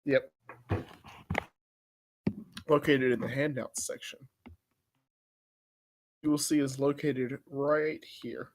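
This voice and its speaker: A man's voice: mid-range voice, level tone, slow, long pauses. Man running a tabletop game. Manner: playful, teasing. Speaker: game master.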